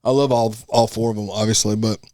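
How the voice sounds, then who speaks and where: Easygoing rapper talking casually. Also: male voice, fairly low pitch, no room sound, studio quality. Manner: relaxed, halting, lots of fillers. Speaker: rapper and podcast co-host. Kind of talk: casual podcast chat.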